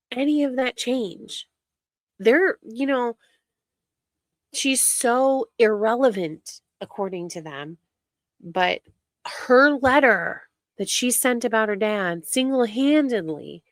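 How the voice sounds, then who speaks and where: A woman's voice: on the high side, no room sound, studio quality. A woman giving casual reaction commentary, exasperated and mocking as she rants about online drama. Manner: exasperated, mocking, talks over clips.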